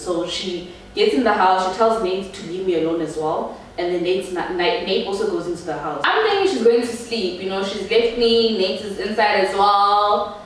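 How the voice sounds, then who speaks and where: A young woman telling a story to her viewers in an animated, slangy way. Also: mid-range voice, moderate pace, far from the mic. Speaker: vlogger. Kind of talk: storytime chat. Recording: echoey room, voice a bit off-mic.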